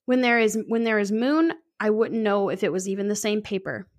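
A woman podcast co-host reads a classic story aloud at a medium pitch. She stumbles over words and restarts them, and she cuts in with cursing, wisecracking comments. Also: brisk. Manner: breaks off reading for swearing and joking asides. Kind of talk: reading a story aloud with asides.

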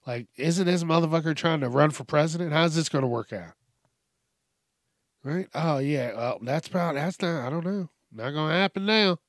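His voice sits fairly high and moves at a moderate pace, captured dry in studio quality. He's a worn-out solo podcaster late at night, rambling with curses and constantly cutting himself off to begin again.

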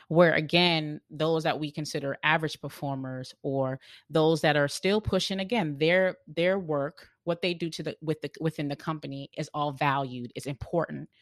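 Earnest podcast host with a gravelly edge. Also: mid-range voice, steady tone, normal speed, hardly any pauses, no echo, clean studio sound. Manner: earnest and searching, often restarting phrases. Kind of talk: reflective podcast monologue on leadership.

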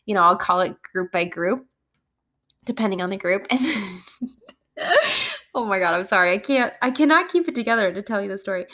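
Laughing, animated woman storyteller. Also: medium pitch, moderate pace, long pauses. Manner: animated, laughs often while telling stories. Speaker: kindergarten teacher. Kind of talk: casual storytelling podcast.

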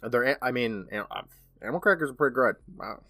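A man's voice: mid-range voice, lively intonation, fast talker, a bit bright, no echo, clean studio sound, faint music behind. A man co-hosting a podcast, casually retelling an episode scene by scene and often turning to his co-host by name.

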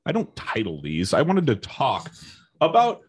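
A man's voice: measured pace, breathy edge. Swearing, fired-up ranting man. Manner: heated, swears constantly, animated pitch swings. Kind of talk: profane comedic rant.

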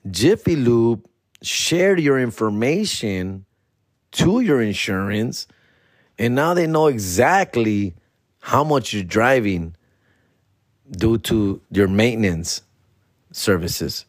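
A man's voice: lowish voice, lively intonation, slow pace, pauses often, no echo. A man voicing a blunt, sarcastic female insurance broker who talks in a casual, slangy, teasing way, close to his own voice. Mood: matter-of-fact.

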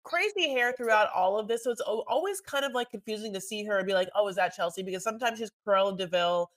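Woman, casual podcast chat, rambling, full of fillers, mid-pitched voice. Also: quick pace, no echo. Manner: rambling, heavy use of "like". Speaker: podcast co-host. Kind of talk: casual chat recapping a reality show.

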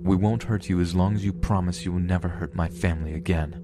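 A man's voice: sits low, fairly even intonation, fast talker, natural voice. A man voicing a protective young man who bargains in a firm, earnest manner, with music behind.

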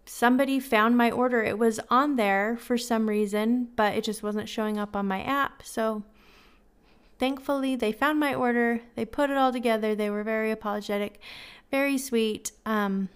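A woman's voice: on the high side, normal speed, smooth. A woman hosting a podcast, telling a candid, self-deprecating story in a casual, chatty way and giving friendly advice. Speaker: podcast host.

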